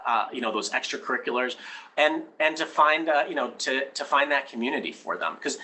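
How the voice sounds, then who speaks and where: Bright-voiced man explaining as a guest. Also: mid-range voice, poor audio. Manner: earnest, many restarts, keeps adding "right?"; explains through personal stories. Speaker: education expert guest, head of a school. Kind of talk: conversational interview answers.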